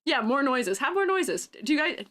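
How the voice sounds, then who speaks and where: A young woman chatting casually on stream, her voice high and bouncing all over the place. She giggles constantly and breaks into goofy yells and sound-effect noises. The delivery is loose and unscripted. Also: very animated, normal speed.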